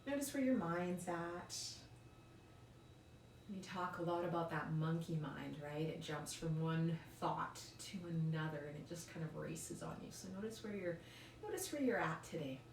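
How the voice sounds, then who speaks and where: A woman leading a yoga class in a calm, encouraging way, often checking in with "right?". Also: lowish voice, moderate pace, a little hiss or hum. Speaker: yoga instructor. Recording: roomy echo, mic at a distance.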